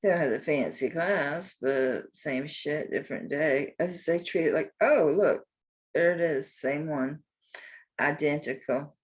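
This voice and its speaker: Selling jewelry during a live sale, this older woman chats to herself as she searches for pieces, throwing in some mild swearing. Her voice is deep and husky, and her pace runs a little slow.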